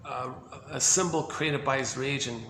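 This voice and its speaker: A man's voice: mid-range voice, unhurried, reverberant, noisy background. A man giving an informal lecture on psychoanalysis, talking emphatically with lots of repetition and fillers.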